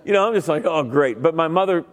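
In a large church sanctuary with a faint crowd audible, a middle-aged Italian-American man preaches a comic sermon, recounting his story with stammering impressions, acted-out voices, and self-mocking jokes. His voice sits high and races along, echoing through the large hall.

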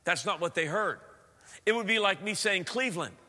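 A man preaching a sermon as pastor, animated with playful asides. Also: high-pitched, moderate pace, a little hiss or hum. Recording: long hall reverb.

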